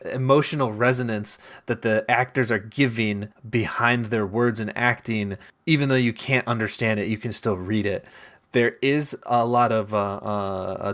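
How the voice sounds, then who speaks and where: A man's voice: medium pitch, a bit bright. A man hosting a podcast, talking at length in a casual, chatty way with many fillers. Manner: talkative, recommends with filler words. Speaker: podcast host. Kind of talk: casual chat.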